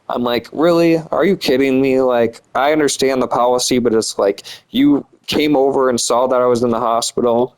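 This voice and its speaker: A man's voice: fairly low pitch, a little mellow, low-quality recording. A young man telling a story casually, rambling and swearing a lot, with many filler words. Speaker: vlogger.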